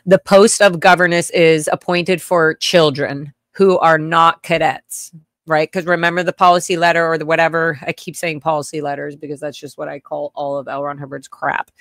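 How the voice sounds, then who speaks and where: A woman with a fairly low voice recounts her childhood to a livestream audience. She talks haltingly, full of restarts and fillers, and can turn blunt and profane. The sound is dry and close, with no room around it. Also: flat delivery, dry recording. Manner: blunt, swears. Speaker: livestream host telling her own story. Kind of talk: casual personal storytelling.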